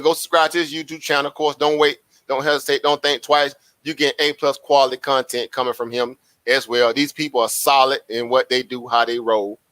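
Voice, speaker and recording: A man chats to his livestream viewers. His voice is bright and forceful, and he is animated and preachy, repeating his phrases. The sound is dry and close. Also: mid-range voice, no echo. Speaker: livestream host. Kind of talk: casual livestream chat.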